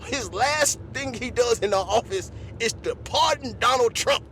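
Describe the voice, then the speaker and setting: A man hosting a podcast, delivering an animated comedic monologue full of laughs and repeated asides. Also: very high voice, measured pace, a little hiss or hum. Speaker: podcast host.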